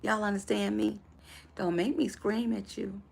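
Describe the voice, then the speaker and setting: A woman's voice: mid-range voice, fairly even intonation, measured pace, creaky, a little mellow, a little hiss or hum. A woman life coach giving a motivational live talk to her viewers, affectionate and preacher-like in her encouragement.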